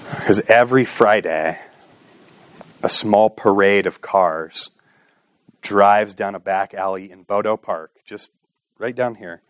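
A pastor preaches with impassioned force, posing rhetorical questions and swinging between hushed and raised passages. His voice is lowish, and no room sound is audible.

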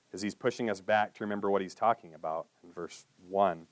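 A man preaching a sermon in an earnest way, dropping to a hushed voice on solemn lines and lifting for emphasis. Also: fast, no room sound. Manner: earnest, with drops to a hushed low voice and lifts for emphasis. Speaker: pastor.

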